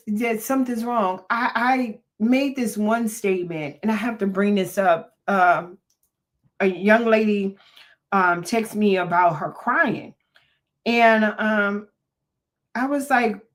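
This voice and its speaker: An older woman hosting a talk about mental health, speaking earnestly and preaching a little, with frequent "um"s and restarts. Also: mid-range voice. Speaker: podcast host and therapist. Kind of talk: unscripted motivational talk.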